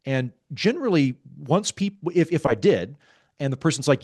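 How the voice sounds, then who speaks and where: A man, a guest author in a podcast interview, explaining ideas in a wry, self-aware, calm and measured way. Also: mid-range voice, no room sound, studio quality. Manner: talks calmly, measured.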